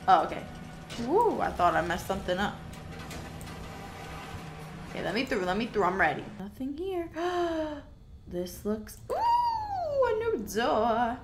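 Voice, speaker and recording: A woman with a fairly high voice hosts a gaming video over some background noise. She chats to herself and exclaims as she plays, giving casual let's-play commentary.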